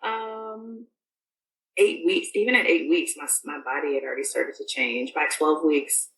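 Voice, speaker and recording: A woman's voice: low-pitched, unhurried, a bit bright, roomy sound, distant mic, faint music behind, rough recording. A woman guest on a podcast, telling a personal story in casual, rambling speech full of fillers and restarts.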